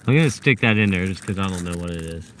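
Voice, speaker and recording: Excitable man hunting fossils outdoors. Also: sits low, quick pace, a little hiss or hum. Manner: excitable, bursts into glee over finds, talks to viewers. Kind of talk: casual talk to camera while searching. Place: outdoors on a hillside trough.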